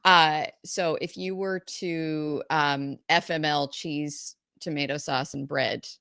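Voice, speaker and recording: Low, gravelly woman podcast guest. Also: fairly even intonation, fairly bright tone, no room sound. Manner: measured and explanatory. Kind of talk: casual podcast chat.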